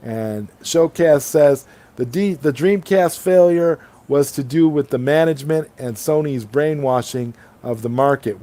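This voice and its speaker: This livestream host has a mellow, medium-pitched voice. Over an online streaming call, he runs a laid-back late-night chat where he reads out viewer comments and goes off on excited tangents in between.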